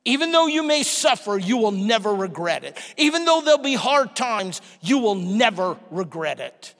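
A man preaching a sermon, telling a story and acting out the people in it with animated delivery. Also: high voice, moderate pace. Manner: animated, acts out quoted people. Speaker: pastor. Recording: long hall reverb.

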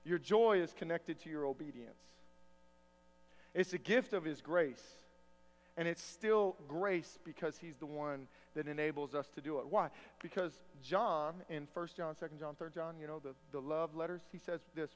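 High-voiced man preaching in a reverberant church. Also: animated, normal speed. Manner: folksy, conversational preaching with storytelling. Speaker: pastor. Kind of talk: sermon. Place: church sanctuary.

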